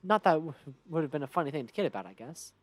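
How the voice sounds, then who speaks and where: A woman's voice: low voice, sing-song, fast talker, no room sound. Playful woman streamer reading game text. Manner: reads game text aloud, playful and chatty. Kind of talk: casual gameplay commentary.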